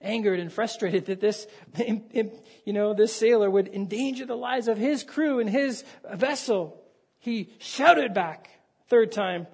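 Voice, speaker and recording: High-voiced male pastor preaching. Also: unhurried, husky. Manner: storytelling with acted dialogue, rises to loud emphasis. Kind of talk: sermon.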